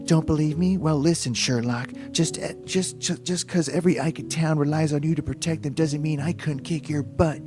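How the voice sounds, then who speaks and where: A man's voice: steady tone, moderate pace, few pauses, music in the background, close to an everyday voice. A man doing a bubbly teasing young woman. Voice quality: high put-on girlish voice. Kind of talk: comic novel reading impression.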